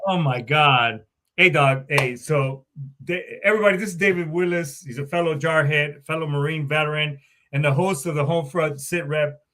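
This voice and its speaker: A man's voice: a little high, moderate pace, fairly bright tone. A man who is a Marine veteran, hosting a podcast in a loose, rambling, joking way with plenty of swearing. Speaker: podcast host. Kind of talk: casual podcast chat.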